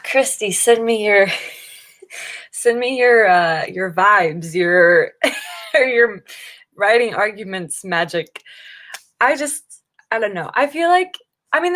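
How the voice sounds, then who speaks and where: A woman's voice: medium pitch, a bit bright. A young woman chats casually on her morning writing livestream, reading out viewer comments as she goes. She rambles and restarts her sentences, and she giggles often. She sounds tired and a little loopy from being up early.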